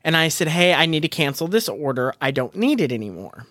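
Woman co-host ranting thru a story, lively, voices the people she quotes, dead dry sound. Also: deep voice, a little fast, no echo. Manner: animated, acts out quoted people. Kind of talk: casual chat, storytelling.

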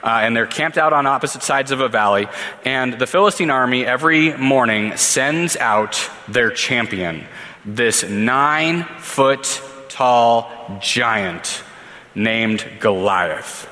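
Bright-voiced man preaching in a reverberant hall. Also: medium pitch, takes it slowly. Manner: lively, casual retelling with asides. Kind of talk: sermon storytelling.

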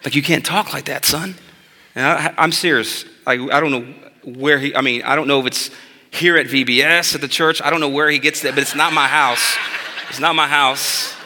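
Bright-voiced preacher in a reverberant hall. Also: male voice, fairly high pitch, fairly even intonation, a little fast. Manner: conversational, humorous storytelling. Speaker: pastor. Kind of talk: sermon. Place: church sanctuary.

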